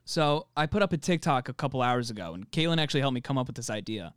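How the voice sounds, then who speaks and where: A man's voice: mid-range voice, lively intonation, quick pace, a bit bright, clear, resonant tone, no echo, studio quality. A man in his twenties co-hosting a podcast in casual chat, laughing often and swearing casually. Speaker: podcast co-host.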